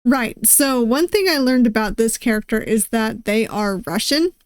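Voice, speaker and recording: A woman's voice: on the high side, animated, moderate pace, no room sound, clean studio sound. A woman streamer reading a visual novel aloud, giggling and poking fun at her own attempts at voices. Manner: giggly, self-deprecating. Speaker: VTuber game streamer.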